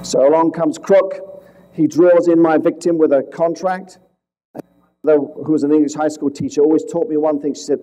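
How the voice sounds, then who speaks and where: A man investigating fraud, telling a case to police as a dramatic story with rhetorical questions, swinging between loud points and hushed asides. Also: on the high side, steady tone, moderate pace, low-quality recording. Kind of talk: storytelling presentation to an audience.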